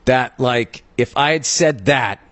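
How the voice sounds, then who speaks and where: A middle-aged man from the United States hosting a podcast, telling a story as a comedic rant, profane, heated and animated. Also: medium pitch, slow pace, dry recording. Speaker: podcast host.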